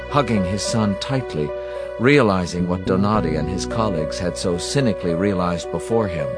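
A deep-voiced man narrates an audiobook in a measured, dry way. His low voice stays steady through long passages. Music plays clearly beneath him.

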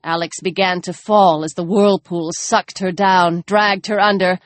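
A woman narrating a tense, dramatic novel, dropping her voice low for grim moments. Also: fairly even intonation, a little slow, dry recording. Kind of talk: audiobook narration.

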